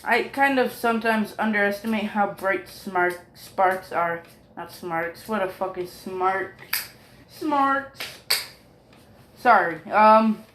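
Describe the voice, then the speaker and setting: A man talks through a fan-made story in loose, rambling fashion, peppering it with curses, ums and quick apologies. His delivery is slow and unhurried. The recording sounds roomy and echoey. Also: high voice, fairly even intonation, a bit bright, slight background noise. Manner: rambling, profane, full of fillers and apologies.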